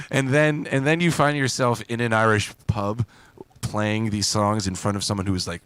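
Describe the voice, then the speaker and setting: A man's steady, medium-pitched voice, a bit bright and a little slow, comes through with no echo. He's hosting a live music request stream, chatting casually between songs as he reads and responds to viewers, joking loosely and laughing often.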